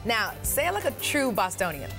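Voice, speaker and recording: A woman's voice: mid-range voice, very animated, a little fast, over music. Playful young woman student anchor. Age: young adult. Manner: playful, laughing, teasing. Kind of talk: casual newscast banter.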